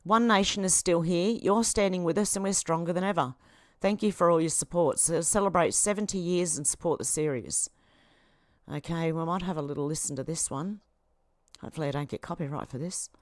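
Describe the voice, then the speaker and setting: A chatty Australian woman hosting her livestream with loose, rambling commentary. Her voice sits a little low. The sound is dry and close. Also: a little fast, no room sound. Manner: rambling, chatty, laughs often. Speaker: livestream host. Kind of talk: casual commentary.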